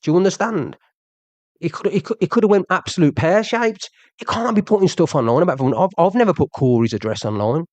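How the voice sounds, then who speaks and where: A man's voice: sits high, expressive, fast, darkish tone, no echo, lo-fi sound. A young man in a heated rant to his audience, agitated and repetitive, pressing his listeners with questions. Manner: agitated, keeps asking "do you understand", repeats himself. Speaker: social media streamer.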